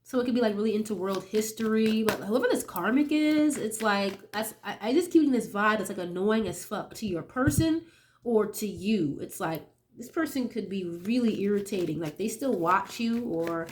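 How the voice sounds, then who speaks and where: This young tarot reader has a medium-pitched voice with lively intonation and a moderate pace, with slight background noise behind her. She's chatty and sniffly while getting over a cold, checks in often with "okay?", and swears casually.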